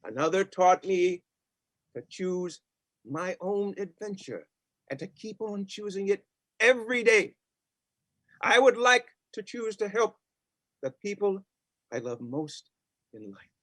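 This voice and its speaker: A man's voice: high voice, animated, slow, pauses often, dry recording, exaggerated voice. An actor playing a reformed, once-stingy old boss who now speaks earnestly and emotionally to his family and employee. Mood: remorseful. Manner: earnest, emotional, sometimes hushed. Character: reformed old miser boss, newly warm. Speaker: stage actor. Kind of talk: community theatre acting.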